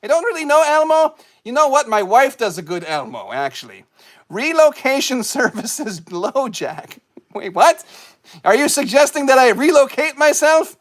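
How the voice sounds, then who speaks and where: A goofy skeleton puppet host, played by a man, speaks in a very high voice. He rambles and cracks self-mocking jokes while reading out viewers' comments on a live stream. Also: big pitch swings, normal speed.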